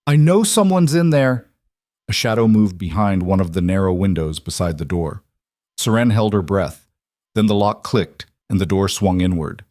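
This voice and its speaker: Low-voiced man narrating a story. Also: moderate pace, a little mellow, no room sound, clean studio sound. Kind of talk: scripted audiobook narration.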